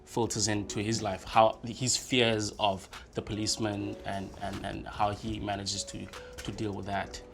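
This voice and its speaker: Flat, halting man in discussion. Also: fairly low pitch, creaky, over music. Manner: halting, many fillers and restarts. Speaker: podcast co-host. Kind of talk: casual discussion.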